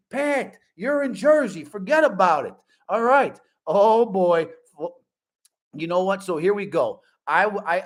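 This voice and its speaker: Animated chatty man, high voice. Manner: animated, joking, repeats catchphrases. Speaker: host of a fan live stream. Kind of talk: casual live-stream chat reading viewer comments.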